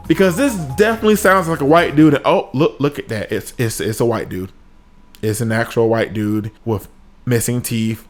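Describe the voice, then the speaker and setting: Animated man telling a comic story. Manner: animated, sudden high-pitched exclamations. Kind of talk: comedic story time. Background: faint music.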